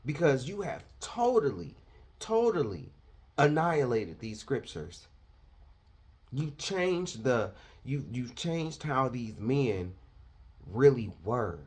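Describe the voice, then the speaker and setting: A man's voice: medium pitch, big pitch swings, slow pace, darkish tone, slightly rough. A man preaching a confrontational, fiery sermon, lecturing his listeners.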